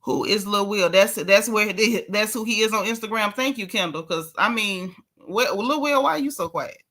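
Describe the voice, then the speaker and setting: A woman's voice: medium pitch, normal speed, fairly bright tone. A woman hosting a casual celebrity gossip show, sassy and chatty, talking straight to her viewers as y'all and reading their comments aloud. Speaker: gossip channel host.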